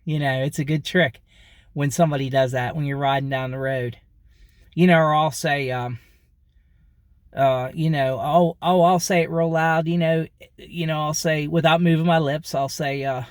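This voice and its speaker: Recorded in a clean studio with no echo, a man with a smooth, steady, somewhat high voice vlogs at a normal pace. He drifts and repeats himself as he chats to camera, leaning on fillers, starting over, and chuckling often.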